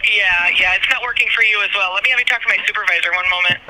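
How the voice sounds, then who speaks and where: Woman dispatcher, curt, firm, quick talker, noisy phone line. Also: mid-range voice, bright, forceful tone. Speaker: police dispatcher. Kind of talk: phone call.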